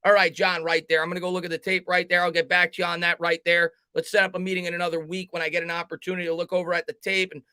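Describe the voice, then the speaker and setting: A man's voice: high-pitched, flat delivery, racing, hardly any pauses, bright, forceful tone, clean tone, no room sound. A man putting on the voice of a male head coach who stalls and repeats himself to dodge questions. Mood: evasive. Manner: stalling, repetitive, evasive.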